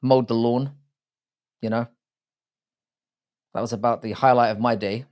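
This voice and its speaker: A man's voice: medium pitch, steady tone, a little slow, darkish tone. British male streamer, casual and foul-mouthed, reads out and greets his chat. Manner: crude, swears often, greets chat by name. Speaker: live-stream host.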